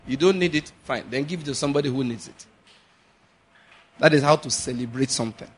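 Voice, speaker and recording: A man preaching a sermon, animated, acting out little dialogues and slowing to a measured chant on scripture. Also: medium pitch, a little hiss or hum. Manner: animated, acts out little dialogues and laughs often. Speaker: pastor.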